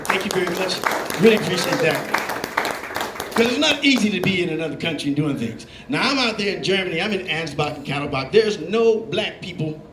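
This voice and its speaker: A man doing a stand-up comedy set, telling animated stories and acting out the voices of the people in them. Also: on the high side, noisy background. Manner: animated storytelling, acting out voices, laughing along. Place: comedy club stage. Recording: roomy club with live audience. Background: audience laughing.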